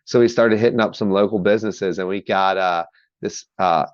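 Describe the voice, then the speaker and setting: A man's voice: fairly low pitch, fairly even intonation, moderate pace, no echo, muffled recording. A man telling a story in a loose, profane way, chatting casually as a podcast guest. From Maryland, US. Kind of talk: casual chat.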